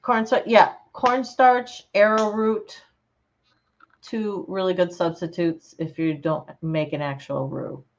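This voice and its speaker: Slow, low-voiced woman chatting casually. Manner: relaxed, chatty, laughs often. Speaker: channel host. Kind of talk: casual livestream chat reading comments. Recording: slightly dull lo-fi sound.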